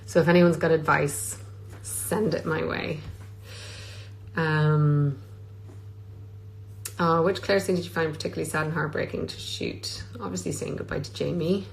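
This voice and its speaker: A woman's voice: deep voice, fairly even intonation, a little slow, creaky, long pauses, low-quality recording. A woman, an actress, chatting casually on a phone live stream from Scotland, reading fan questions aloud and answering with plenty of filler ums. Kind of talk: casual livestream Q&A. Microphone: phone on a social media live stream.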